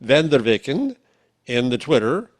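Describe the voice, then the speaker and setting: A male podcast co-host who talks in halting, filler-heavy bursts. His pitch leaps up and down a great deal as he chats. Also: sing-song. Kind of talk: casual panel chat.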